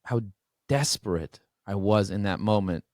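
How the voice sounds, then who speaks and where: A man's voice: lowish voice, measured pace, a little mellow, dry recording, studio quality. A man guest on a podcast, speaking openly and emotionally, often restarting his sentences. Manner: emotional, open, many restarts. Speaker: podcast guest, business owner. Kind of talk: candid interview talk. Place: standing while talking.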